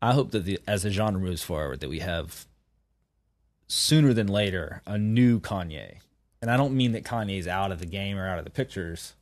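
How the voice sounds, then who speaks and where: Guest musician, deep-ish voice, dry close mic, talks in animated bursts, lots of restarts. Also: male voice, moderate pace, no room sound. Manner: animated, opinionated riffing with many restarts. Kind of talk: casual podcast chat.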